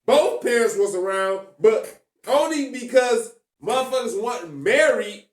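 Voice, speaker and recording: A man with a high voice argues his case on a casual podcast, profane and insistent, cutting across the other voices. He sits back from the mic in a basement studio, so the room rings around him. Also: lively intonation, unhurried, reverberant, distant mic. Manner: profane, argumentative, talks over others. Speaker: podcast co-host. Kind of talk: heated casual debate.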